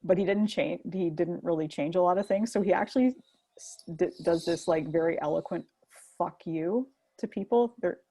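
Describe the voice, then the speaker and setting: A Canadian woman in easy, laid-back conversation with her co-host, her voice sitting a little low for a woman. She reads out comments and swears without a second thought. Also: normal speed, warm tone, slightly rough. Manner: laid-back, swears casually, laughs often. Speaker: podcast co-host. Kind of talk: casual chat reading viewer comments.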